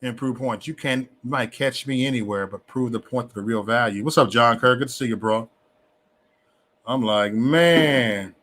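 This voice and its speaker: A man hosting a casual livestream, talking in an animated, preachy way with lots of slang, repeating himself and stammering on restarts. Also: medium pitch, fairly quick, hardly any pauses. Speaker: livestream host.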